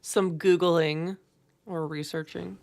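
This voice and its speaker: A woman's voice: fairly low pitch, steady tone, takes it slowly, gravelly, a little mellow. A young adult woman co-hosting a casual chat, talking in a chatty way with lots of fillers. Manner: chatty, filler-heavy, laughs easily. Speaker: podcast co-host.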